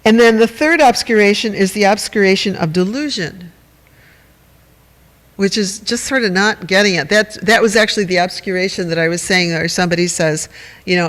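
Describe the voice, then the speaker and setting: A man with a high voice gives a meditation talk in a wry, chatty way, joking at his own expense and turning to his listeners. His voice carries a long reverb from the hall. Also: moderate pace, fairly bright tone. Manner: conversational, wry and self-mocking, with audience asides. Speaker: meditation teacher. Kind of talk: dharma talk to a group.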